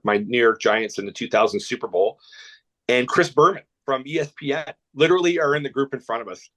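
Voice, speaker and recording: A man from Canada, a guest telling a long anecdote, rambling and animated, with lots of restarts. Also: medium pitch. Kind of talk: storytelling anecdote.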